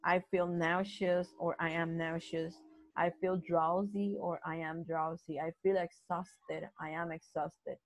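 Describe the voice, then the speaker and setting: Woman teaching a slow English grammar lesson. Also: lowish voice, level tone, no room sound, rough recording. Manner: slow, repetitive explaining with frequent restarts. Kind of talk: live online grammar lesson.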